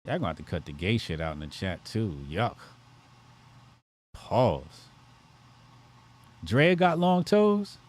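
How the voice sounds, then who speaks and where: A male livestream host with a very lively, animated pitch that swings up and down. He talks in a crude, joking way, answering his chat as the questions come in. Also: slow, long pauses, slight background noise. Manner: profane, joking, reacting to chat.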